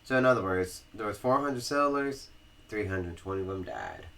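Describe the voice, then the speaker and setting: A man's voice: lowish voice, expressive, moderate pace, creaky, bright, forceful tone. A man with a Southern American accent, co-hosting a podcast and reading history aloud, stumbling over words and restarting as he goes. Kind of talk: casual read-aloud with banter.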